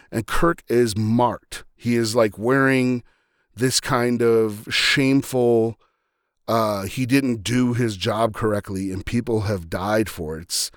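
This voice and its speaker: Podcast host, male, casual film analysis, mid-pitched, dry close sound, chatty and meandering. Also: no room sound. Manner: rambling, frequent restarts and fillers.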